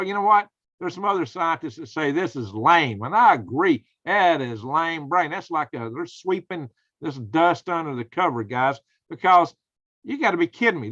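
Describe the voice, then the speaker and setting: A man's voice: a little high, a bit bright. A man, hosting a casual live stream in a folksy, exclaiming way and chatting with viewers. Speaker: host. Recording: dull lo-fi sound.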